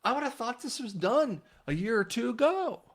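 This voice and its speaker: A man talking casually to his viewers in a rambling monologue, often restarting his sentences. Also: normal speed. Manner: rambling, frequent restarts, animated swings in pitch. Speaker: online commentator.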